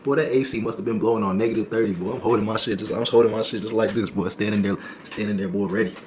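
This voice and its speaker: A young man streaming a comic storytime, animated and full of slang, laughing and repeating lines for effect. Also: lowish voice, quick pace, slight background noise. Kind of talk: comedic storytime.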